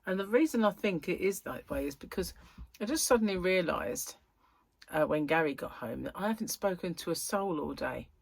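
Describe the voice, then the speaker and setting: Croaky lady rambling on to her viewers at home, lowish voice, dry close sound. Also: animated, normal speed, dry recording. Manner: rambling, chatty, self-interrupting. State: croaky, tired and yawning. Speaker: crochet vlogger. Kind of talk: casual chat to viewers. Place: at home, indoors.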